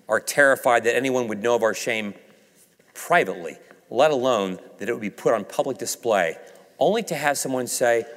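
Lively preacher man in a reverberant hall. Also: a little fast. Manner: dramatic swings from raised emphasis to hushed low delivery; acts out quoted dialogue. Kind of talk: sermon.

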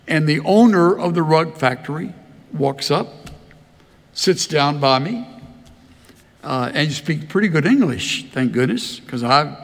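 Older man, pastor, sermon, unhurried storytelling, slightly high voice, gravelly. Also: a bit bright, big-room sound. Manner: folksy storytelling, slow and drawling. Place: large church hall.

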